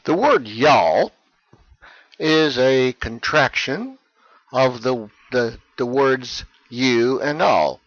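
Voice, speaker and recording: A man teaching English in a scripted lesson, speaking clearly and with emphasis for learners. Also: medium pitch, very animated, drawn-out words, a bit bright, no room sound, muffled recording.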